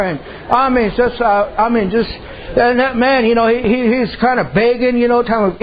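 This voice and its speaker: A man with an extremely high voice preaches a bit quickly, folksy and conversational, weaving in stories and building intensity as he drives his points home. The recording is dull and lo-fi, with a faint hiss.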